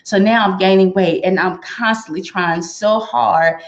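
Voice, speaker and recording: A woman's voice: medium pitch, measured pace, highs cut off. A woman giving an earnest personal testimony about her experience with a company's products, acting out what people said to her. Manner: earnest storytelling, acts out quoted remarks.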